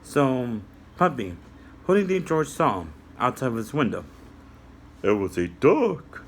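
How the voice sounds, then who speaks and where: A man reading and retelling a story to children, talking to them directly in an animated way. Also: medium pitch, slight background noise. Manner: slow, animated, addresses kids directly.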